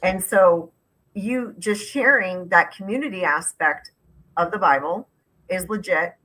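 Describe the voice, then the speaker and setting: A woman's voice: lowish voice, measured pace, sharp tone, rough recording. A woman hosting a casual discussion, talking in an emphatic, indignant way with sarcastic edges. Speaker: host.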